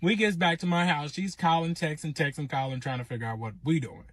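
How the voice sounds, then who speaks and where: Husky man telling a wild story. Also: on the high side, a little fast, dry recording. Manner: animated, acts out quotes in raised voice. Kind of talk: casual storytime.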